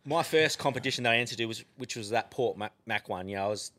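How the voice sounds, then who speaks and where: An Australian man guests on a podcast, spinning casual, animated yarns packed with swearing. His voice sits in the mid range, and he talks fast.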